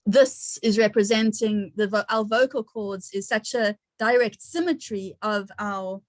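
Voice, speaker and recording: A woman's voice: mid-range voice, measured pace, dry recording. A woman hosting an online gathering, sharing personal stories in a chatty way with frequent laughter and fillers.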